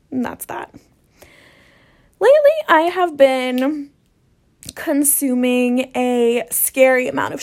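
A woman's voice: high voice, vocal fry. A young woman telling stories in a casual monologue, swearing freely and sarcastic in a ranting way. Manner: profane, sarcastic, rant-like.

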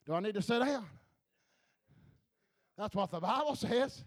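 A male preacher delivering a fervent sermon, halting with filler sounds, laughing and calling out to the congregation. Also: high voice, animated. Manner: fervent, repeats calls to the congregation, laughs between lines.

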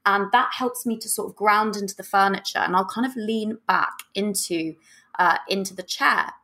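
Chatty woman giving dating tips. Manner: chatty and animated, drops lower and slower to demonstrate. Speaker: podcast host and dating coach. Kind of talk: casual advice podcast.

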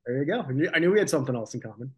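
Speaking very fast in an animated, mid-range voice with a breathy edge, a male podcast co-host riffs on old TV shows. His talk is loose and jokey, full of false starts and self-corrections.

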